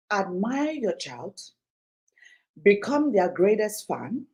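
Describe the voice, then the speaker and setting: A woman's voice: high-pitched, darkish tone, low-quality recording. A woman speaking as a parenting coach at a conference, emphatic and preachy, repeating her key lines and acting out parents and children. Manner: acts out parents and children in quoted voices. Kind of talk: motivational conference talk. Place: conference venue.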